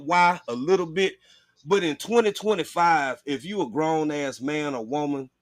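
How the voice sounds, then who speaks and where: A man's voice: fairly high pitch, a bit bright, dry recording, studio quality. A man hosting a casual chat, talking bluntly and with lots of profanity. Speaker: host.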